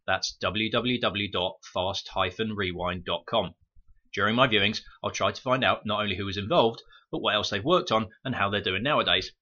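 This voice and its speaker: A British man hosts a film podcast on a muffled home microphone, his lowish voice pushed and bright at a moderate pace. He reads scripted review notes, adding wry, sarcastic asides.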